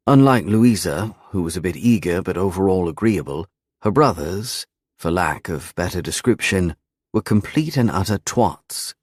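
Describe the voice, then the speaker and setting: A man narrating a first-person romance audiobook in an expressive, dramatic reading. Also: low-pitched, no echo, clean studio sound.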